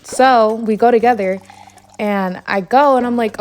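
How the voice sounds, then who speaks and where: A woman's voice: fairly high pitch, normal speed, long pauses, a little mellow, soft background music. A young woman vlogger telling a story in a long, exasperated, rambling rant full of fillers while she plays a game. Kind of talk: casual late-night gaming rant. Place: home, at night.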